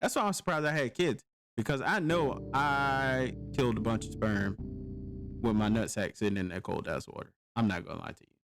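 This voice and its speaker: A man's voice: mid-range voice, a little fast, vocal fry, over music. A man, telling a profane war-story anecdote in casual podcast chat, acting out his own past lines. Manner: profane, animated storytelling with quoted exclamations. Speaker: podcast host, army veteran.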